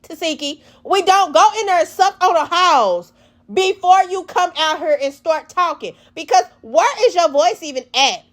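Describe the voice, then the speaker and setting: Blunt profane woman with a high voice. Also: moderate pace. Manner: blunt, profane, animated storytelling. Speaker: reality TV recap host. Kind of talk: casual recap commentary.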